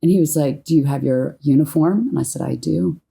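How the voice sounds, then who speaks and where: Low, husky Southern-born woman telling stories. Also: brisk. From Tennessee, United States. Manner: animated storyteller, laughs often. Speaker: podcast guest. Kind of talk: casual interview storytelling.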